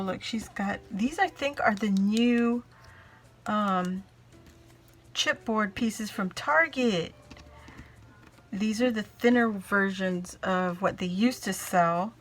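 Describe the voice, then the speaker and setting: A woman's voice: mid-range voice, slow, background noise. A woman vlogger chatting casually as she unboxes craft mail, gushing and exclaiming often.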